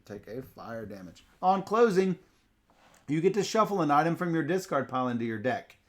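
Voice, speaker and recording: A man's voice: on the high side, big pitch swings, normal speed. A playful man co-hosting a tabletop card game playthrough, reading card text aloud and laughing often. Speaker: co-host teaching a card game.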